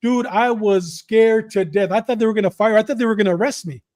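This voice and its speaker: A man in his sixties from Southern California, a guest telling conversational stories and acting out the dialogue, often repeating and restarting phrases. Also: high voice. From Southern California, USA. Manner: animated, acts out dialogue in quick back-and-forth. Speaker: podcast guest, former correctional officer. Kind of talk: conversational storytelling.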